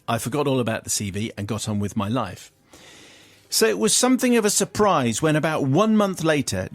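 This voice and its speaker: A middle-aged male radio host reading a listener's letter aloud in a wry, theatrical way. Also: medium pitch. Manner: wry and theatrical, breaking into laughter.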